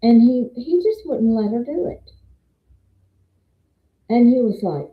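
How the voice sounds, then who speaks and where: A woman's voice: medium pitch, moderate pace. An older woman with a Southern accent giving a rambling, testimony-style faith talk and quoting scripture. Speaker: faith vlogger and meeting moderator. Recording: roomy, dull lo-fi sound.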